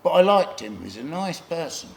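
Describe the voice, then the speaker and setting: Gravelly-voiced man telling stories. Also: a little high, big pitch swings, brisk, a little hiss or hum. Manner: gravelly, laughing anecdotes, acts out other voices. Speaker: interview guest. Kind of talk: casual storytelling.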